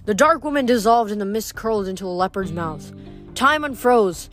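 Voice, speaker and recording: Woman reading a novel out loud, steady and measured. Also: medium pitch, faint music behind. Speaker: reader.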